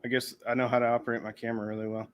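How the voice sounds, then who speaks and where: A man's voice: medium pitch, little pitch movement, very fast. Laid-back man cracking dry jokes. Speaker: guest. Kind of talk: casual chat. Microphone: studio microphone.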